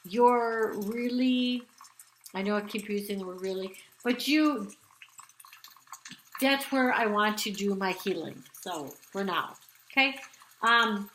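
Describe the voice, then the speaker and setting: A woman's voice: fairly high pitch, bright, forceful tone. A woman giving a casual spoken tarot reading, rambling with many ums and restarts. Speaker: tarot card reader. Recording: echoey room.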